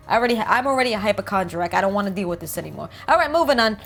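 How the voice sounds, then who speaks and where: A woman's voice: medium pitch, lively intonation, rapid-fire, creaky, a bit bright, soft background music. A woman with a New Jersey accent, casually riffing and joking as she reads about game art. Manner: chatty, jokey, reads aloud and riffs. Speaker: host.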